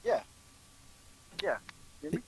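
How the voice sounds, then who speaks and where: A man telling stories in a casual podcast chat, with lively mimicry of the people in them. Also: slow pace, no room sound, low-quality recording. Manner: animated, mimics others in a high strained voice. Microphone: headphones over remote call.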